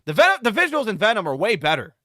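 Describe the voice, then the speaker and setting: A man's voice: sits high, wildly swooping pitch, quick pace, sharp tone, dry recording, studio quality. A man giving a casual spoken movie review, rambling and exasperated, with frequent restarts and repeated phrases.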